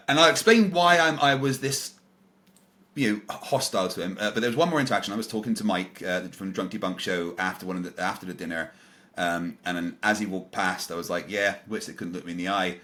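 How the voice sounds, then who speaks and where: A man with a low, deep voice tells a story as a podcast guest. He replays each exchange line by line, quoting both sides, and fills the gaps with ums, uhs and false starts. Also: sharp tone. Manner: retells encounters with quoted dialogue, many fillers and restarts. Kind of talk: casual storytelling in an interview.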